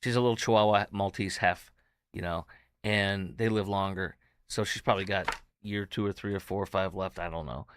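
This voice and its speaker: A middle-aged man hosting his own podcast, telling a story in a rambling way with many restarts, and at times going soft and emotional. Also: sits low, steady tone, normal speed, background noise. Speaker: podcast host. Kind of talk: casual solo podcast monologue.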